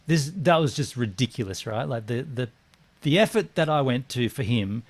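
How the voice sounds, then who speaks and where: A man, co-hosting a casual chat and telling a story with lively acted-out quotes. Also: medium pitch, moderate pace. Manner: animated storyteller, acts out quotes, swears. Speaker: podcast co-host.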